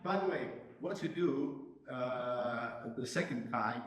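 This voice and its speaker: A man's voice: mid-range voice, lively intonation, slow. A man with a Hungarian accent coaching a pianist in a masterclass, emphatic and checking in with "yes?". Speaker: piano teacher giving a masterclass. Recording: roomy hall with piano playing.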